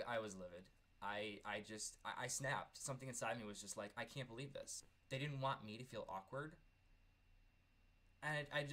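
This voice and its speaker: A man's voice: medium pitch, bright, forceful tone. A man in his thirties telling a personal story in a vlog, earnest and candid, often stumbling over repeated words. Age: 30s. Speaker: vlogger.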